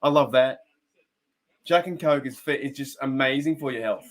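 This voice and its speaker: A young Australian guy with a medium-pitched voice talks at a normal speed while hosting a casual fan live stream. He rambles and chats with viewers, comments on a game, laughs a lot, and greets people by name.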